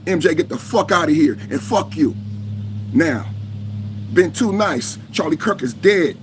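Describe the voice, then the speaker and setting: A man of fifty hosting a live podcast, reacting heatedly, cursing and shouting at trolls in the chat while he holds his phone. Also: on the high side, expressive, unhurried, slight background noise. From United States. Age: 50s. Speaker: podcast host. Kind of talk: live-stream reaction talk. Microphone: phone held in hand.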